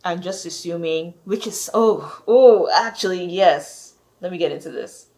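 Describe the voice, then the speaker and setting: A woman's voice: on the low side, unhurried, a little mellow. Exasperated woman ranting to camera. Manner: exasperated, rambling, heavy use of "like". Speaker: vlogger. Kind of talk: casual rant to camera.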